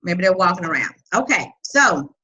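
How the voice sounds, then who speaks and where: Bright husky woman hosting a webinar. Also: on the low side, normal speed, highs cut off. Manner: energetic, loud, reads out chat comments. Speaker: webinar host and coach. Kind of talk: live webinar teaching.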